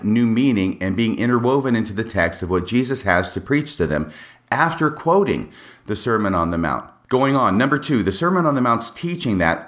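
A man hosting a solo podcast, explaining scripture passages in a measured way with wry asides. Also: fairly low pitch, fairly bright tone. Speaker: podcast host.

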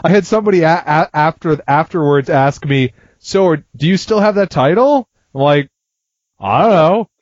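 A man's voice: on the high side, expressive, normal speed, no room sound, highs cut off. A man in casual chat, recapping a game session, who laughs easily and throws in chatty asides.

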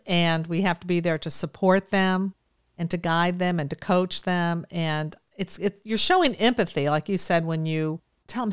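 A woman's voice: fairly low pitch, smooth, no echo, studio quality. A woman hosting an interview, affirming the guest and asking follow-up questions. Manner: warm and affirming, praises the guest's tips. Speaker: interview host.

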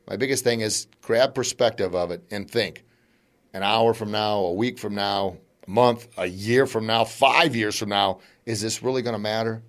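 A man's voice: on the low side, moderate pace. Chatty motivational man, podcast host. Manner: animated, chatty, laughs between points.

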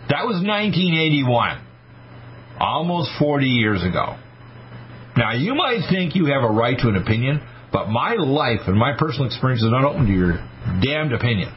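A man's voice: mid-range voice, big pitch swings, moderate pace. A man in his sixties hosting a radio talk show, telling stories emphatically and acting out the voices of people he quotes. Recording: slightly muffled radio broadcast with faint noise.

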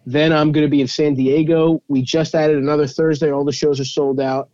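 Teasing comedian, dull lo-fi sound. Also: male voice, a little high, level tone, fairly quick, warm tone, dry recording. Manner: teasing, laughing often. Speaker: stand-up comedian and podcast host. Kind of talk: casual comedic banter.

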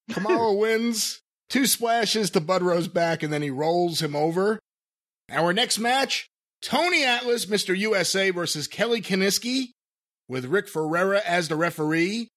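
High, bright-voiced podcast co-host, man. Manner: joking, incredulous, laughs often. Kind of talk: casual chat reviewing old wrestling.

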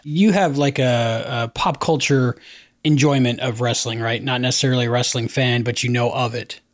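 Male podcast host, mid-pitched, loose rambling talker, dry sound. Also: steady tone, normal speed, no echo. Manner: rambling, many fillers and restarts. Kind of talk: casual chat.

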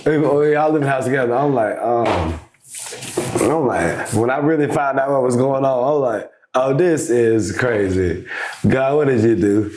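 A young man speaks as a podcast guest and tells his story in a relaxed, chatty way. He talks at a middle pitch and plays out each exchange as he goes. The room gives his voice a noticeable echo, with a faint hiss underneath. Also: normal speed. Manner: animated storyteller acting out quoted exchanges. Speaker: podcast guest, basketball influencer. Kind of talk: casual storytelling interview.

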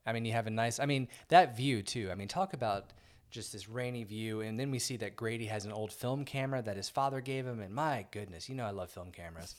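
A man's voice: fairly low pitch, fast. A man co-hosting a podcast, joking and chatting casually in a movie review. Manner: joking, chatty, prone to asides. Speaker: podcast co-host.

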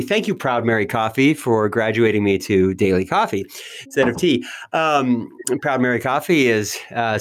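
Chatty self-deprecating male podcast host. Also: medium pitch. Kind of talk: casual interview chat.

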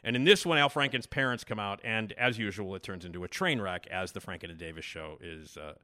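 A man's voice: lowish voice, fairly quick, sharp tone. A male podcast host giving rambling casual commentary with lots of fillers.

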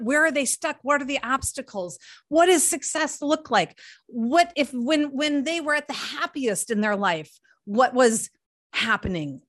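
Animated woman coach, fairly high voice, interview guest. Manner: animated, acts out clients' voices and questions. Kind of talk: interview conversation.

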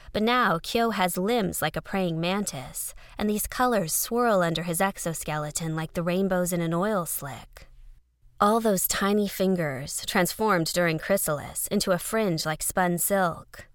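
A woman's voice: on the low side, measured pace, no room sound, clean studio sound. A woman narrating an audio fiction story in a conversational first-person letter style.

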